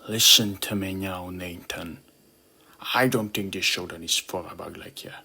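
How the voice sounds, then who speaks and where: A giant, hulking young male beetle bully who shouts and sneers at a smaller rival, as a man puts him on. His voice is pushed loud and a little higher, husky and bright. It is an audio storybook. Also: moderate pace, exaggerated voice. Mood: mocking. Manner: loud, mocking, yelling.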